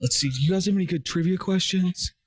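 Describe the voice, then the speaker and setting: A man co-hosting a radio show, running a trivia game for the studio audience in a brisk, joking way. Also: sits high. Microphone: studio microphone.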